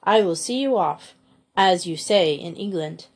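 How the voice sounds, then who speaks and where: A woman reading aloud voices a shaggy, eccentric older Austrian music master who talks in a booming, insistent way. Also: lively intonation, a little slow, breathy edge, exaggerated voice. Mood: hearty.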